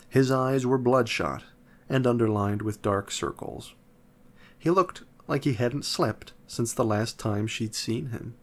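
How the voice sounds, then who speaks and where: Calm storyteller guy, reads a kids' chapter book slowly. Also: on the low side. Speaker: narrator. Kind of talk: storybook reading.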